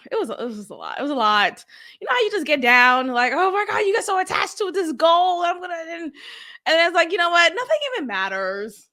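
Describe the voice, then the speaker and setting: A rambling woman podcaster from Boston talks casually on her own show. Her voice sits high and sounds bright and sharp. She laughs often and swings between loud outbursts and quiet asides. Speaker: podcast host. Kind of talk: casual solo podcast chat.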